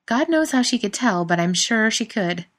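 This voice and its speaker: A woman's voice: a little high, animated, moderate pace, pitched above the performer's own voice. A woman playing a wry, teasing wife. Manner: teasing, wry, raised brighter delivery. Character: dry-witted adult woman, teasing wife and mother.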